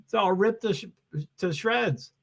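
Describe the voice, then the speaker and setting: A man's voice: high-pitched, a little slow, creaky. A man hosting a live stream, giving casual commentary on a race and chatting with viewers in a rambling, self-interrupting way. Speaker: livestream host.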